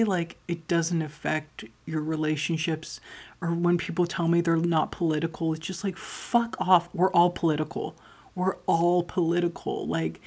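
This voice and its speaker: A woman's voice: fairly low pitch, darkish tone. A woman talking to her audience in a rambling, candid personal monologue, swearing often as she tells stories about her life. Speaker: podcast host.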